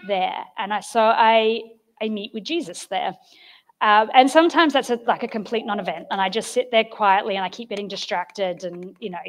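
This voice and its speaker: A woman giving an informal, chatty sermon, telling stories with gentle humour. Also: medium pitch. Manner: chatty and storytelling, with soft self-deprecating humour. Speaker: preacher.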